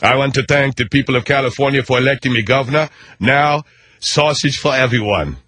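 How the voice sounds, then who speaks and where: A man's voice: mid-range voice, fairly quick, bright, forceful tone. A man putting on a pompous impression of a German-accented strongman actor turned governor. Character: bombastic Austrian bodybuilder-actor turned governor.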